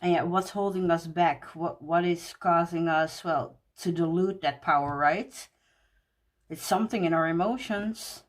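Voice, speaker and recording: A woman walking through a tarot deck in casual talk, gushing and excited, laughing often. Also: lowish voice, measured pace.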